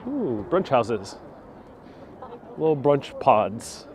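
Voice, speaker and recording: This man's mid-range, slightly mellow voice is very animated yet extremely slow. He hosts a livestreamed walking tour outdoors on a city street, chatting casually, reading viewer comments, and wearing a wireless clip-on mic.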